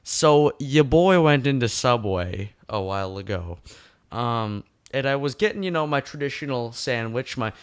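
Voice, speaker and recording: A man's voice: medium pitch, animated, normal speed, smooth. Ranting young man on a casual podcast. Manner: ranting, acts out customer exchanges. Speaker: podcast co-host.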